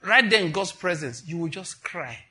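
Pastor, middle-aged, bright and fairly high voice, animated sermon delivery. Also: male voice, moderate pace. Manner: animated and conversational, acting out dialogues.

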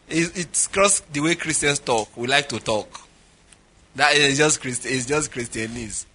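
With a medium-pitched, sharp-toned voice and an unhurried delivery, a Nigerian pastor preaches through humorous stories. He acts out dialogue and conversations and laughs frequently.

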